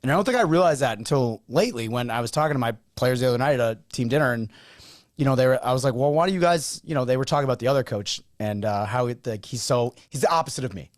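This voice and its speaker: Male podcast host, conversational storyteller who voices the people he quotes; medium pitch, dry recording. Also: quick pace, no room sound. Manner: animated storyteller acting out quoted dialogue. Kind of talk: casual podcast chat.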